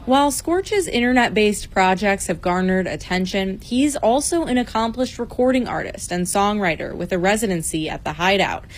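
A woman radio reporter narrating a scripted news feature in a measured, clear read. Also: mid-range voice, lively intonation.

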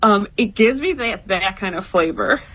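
A woman's voice: medium pitch, animated, normal speed, a bit bright, husky. A woman from Chicago, a public defender, chatting in a casual interview with an amused tone.

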